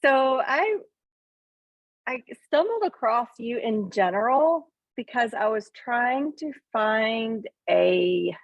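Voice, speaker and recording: A middle-aged farmer from Northeast Tennessee with a Southern accent and a voice on the high side tells her story as a coaching student in a casual testimonial on a video call, over a tinny, phone-like line with no room sound. She's animated yet hesitant, pausing often, saying lots of "um," and laughing at herself.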